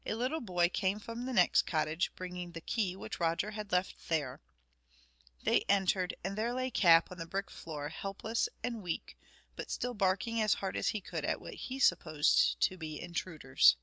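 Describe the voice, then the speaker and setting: Brief: woman narrator, bright forceful tone, measured storytelling, dry close sound. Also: medium pitch, animated, dry recording. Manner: measured storytelling, addressing the listener. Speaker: audiobook narrator. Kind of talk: scripted narration.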